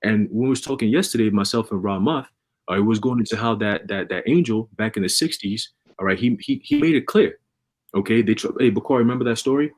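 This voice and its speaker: A man casually preaching and telling a story on a religious livestream, with energetic, repetitive street talk full of slang. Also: fairly low pitch, fast.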